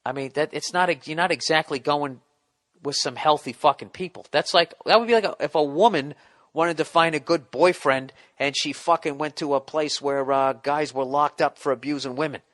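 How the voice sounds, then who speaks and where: A man in his fifties with a Boston accent, hosting a comedy podcast and giving profane, self-mocking advice, now and then bursting into frustrated yelling. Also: on the high side, steady tone, normal speed. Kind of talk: casual comedic advice rant.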